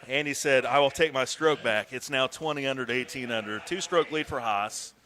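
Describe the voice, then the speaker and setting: A man doing casual live commentary on a golf video game tournament, swearing and breaking into shouts. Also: mid-range voice, brisk. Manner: excitable, swears, bursts into shouts.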